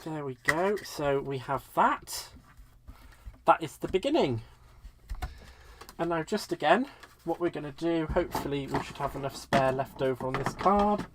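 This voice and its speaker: A man's voice: a little high, expressive, moderate pace, a bit bright, a little hiss or hum. A British man hosting a live crafting tutorial in a chatty way, talking viewers through each step while a bit stuffy from a cold. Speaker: crafting livestream host.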